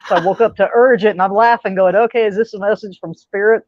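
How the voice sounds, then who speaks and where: A woman co-host talks in a hesitant, agreeable way, pausing often with "uh". Her voice sits mid-range. It comes over a dull, muffled line with a dry, close sound. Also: mid-range voice, fairly even intonation, no room sound. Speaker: co-host and astrology reader. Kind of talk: casual chat.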